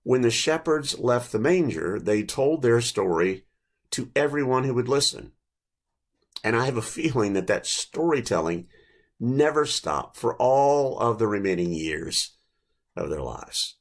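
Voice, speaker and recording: An older man in his late sixties preaching a reflective sermon, telling stories gently with small restarts. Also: medium pitch, lively intonation, measured pace. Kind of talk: sermon with storytelling.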